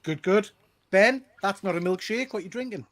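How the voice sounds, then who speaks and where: A man with a Geordie accent hosts a casual live stream with his co-hosts. His voice sits high for a man. He keeps things jokey and self-deprecating. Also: brisk, a bit bright. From North East England. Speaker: host.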